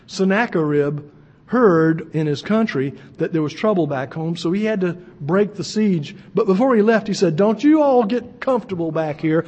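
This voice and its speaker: High-voiced man preaching a sermon. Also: animated, normal speed, a little mellow, in a large hall, highs cut off. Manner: earnest, emphatic preaching with folksy asides. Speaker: pastor. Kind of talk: sermon with scripture reading.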